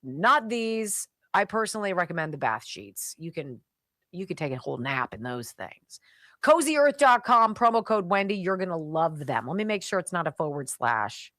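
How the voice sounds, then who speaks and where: Woman radio host doing live ad reads, lowish voice, joky and pushy, dead dry mic. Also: lively intonation, fairly quick, a bit bright, dry recording. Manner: chatty, emphatic, jokey and sarcastic. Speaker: radio talk show host. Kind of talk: live radio host reading sponsor ads.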